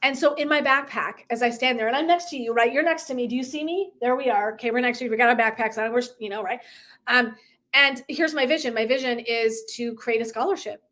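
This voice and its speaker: A woman life coach speaks on a live motivational broadcast in a fairly high voice. She is emphatic and swears freely, laughing often as she acts out conversations with her listeners. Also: fast talker, a bit bright.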